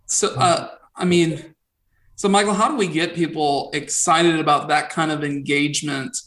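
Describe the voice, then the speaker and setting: A male pastor hosting a casual conversation, relaxed and joking at his own expense. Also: a little high, normal speed, poor audio. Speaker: pastor and host.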